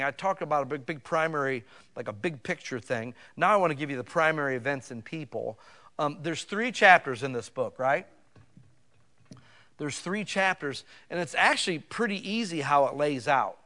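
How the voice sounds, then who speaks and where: A male pastor preaching a sermon in a folksy, conversational way, building to loud emphasis on scripture. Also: fairly high pitch.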